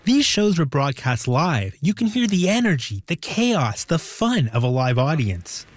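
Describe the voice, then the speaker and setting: A male documentary host narrates from a script, his voice rising and falling in lively curves. His tone carries curiosity, with soft music running beneath. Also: on the high side, measured pace, no echo.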